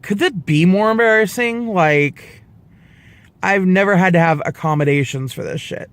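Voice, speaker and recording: A man in his twenties telling a personal story to camera in a casual vlog, animated and profane, acting out the people he quotes. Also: high-pitched, normal speed, clean tone, dry recording. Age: 20s. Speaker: vlogger.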